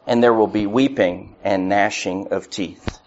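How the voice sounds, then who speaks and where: A man's voice: fairly low pitch, a little slow, darkish tone. A man preaching a sermon earnestly, acting out the voices in his quotes. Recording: muffled lo-fi recording.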